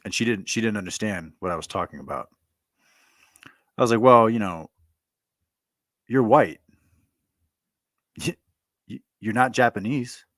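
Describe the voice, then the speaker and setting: A man's voice: fairly low pitch, expressive, unhurried, long pauses, fairly bright tone, no room sound, studio quality. A man bluntly retelling an argument in a monologue, stammering and repeating himself as he goes. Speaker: commentator telling a personal story. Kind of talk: monologue recounting a conversation.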